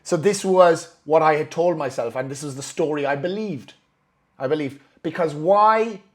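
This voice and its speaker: A man's voice: fairly high pitch, moderate pace. A man telling a personal story in a candid, profane and emotional way, acting out his own thoughts as he goes.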